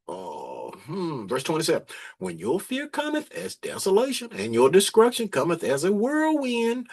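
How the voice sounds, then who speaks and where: Man, Bible teacher, informal sermon style, slow scripture reading, animated pitch, a bit high. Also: gravelly, slightly rough. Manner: folksy, emphatic, reads verses slowly and comments in plain talk.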